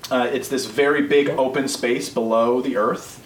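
A man's voice: medium pitch, steady tone, normal speed. A man narrating as game master in a casual, rambling way, full of fillers and restarts. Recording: roomy, distant mic with faint noise.

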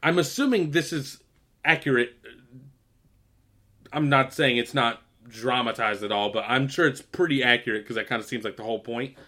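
Rambling, swearing young podcast host. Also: male voice, medium pitch, normal speed, pushed and bright. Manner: rambling, laughs often, heavy swearing. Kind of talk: casual chat.

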